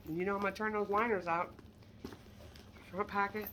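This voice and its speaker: A woman's voice: medium pitch, steady tone, brisk, fairly bright tone, a little hiss or hum. A woman chatting casually and candidly as she shows handbags for sale, with self-deprecating asides. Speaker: online handbag reseller. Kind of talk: casual product showcase vlog.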